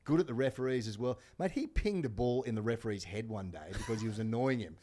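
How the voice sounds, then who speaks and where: A middle-aged Australian man, a guest on a podcast, telling sports stories in casual chat with lots of animated restarts. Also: medium pitch. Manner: rapid animated storytelling with restarts. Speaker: podcast guest, former rugby player.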